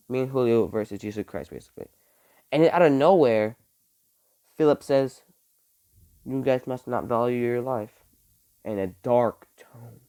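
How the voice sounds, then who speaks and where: A young man vlogging, telling a school story in a casual, animated way, swearing and saying "like" a lot. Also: medium pitch. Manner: animated, swears, heavy use of "like".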